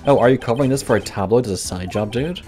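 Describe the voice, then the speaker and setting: A man's voice: mid-range voice, fast, darkish tone, soft background music, natural voice. A man voicing a laid-back, self-absorbed young male celebrity in a game, in a loose casual tone.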